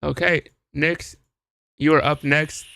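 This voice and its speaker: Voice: medium pitch, flat delivery, takes it slowly, creaky, fairly bright tone, no room sound. A host running a live game show, dry and teasing while calling the turns.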